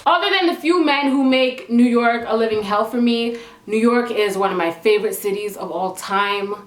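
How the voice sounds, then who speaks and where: A young woman from Toronto, a vlogger, telling a story casually to the camera in an animated, emphatic way with frequent asides. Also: on the high side, normal speed. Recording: echoey room, faint music.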